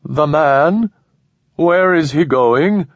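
A man's voice: fairly high pitch, extremely slow, no room sound, pitched above the performer's own voice. Man playing a desperate, angry cornered man. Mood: urgent, desperate. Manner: urgent, pleading and angry. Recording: slightly dull lo-fi recording.

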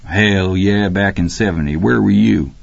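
A tired, gruff middle-aged mechanic who speaks in a slow, wary drawl, as a male narrator puts him on. Heard in a dry, slightly muffled audiobook recording. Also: low voice, dry recording, exaggerated voice. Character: weary, gruff garage owner, middle-aged man.

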